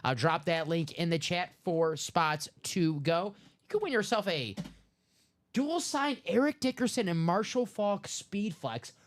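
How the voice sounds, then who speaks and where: A man hosting a live sports card break stream, chatting casually and upbeat while pitching spots. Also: animated, a little slow. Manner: chatty, upbeat, sales patter.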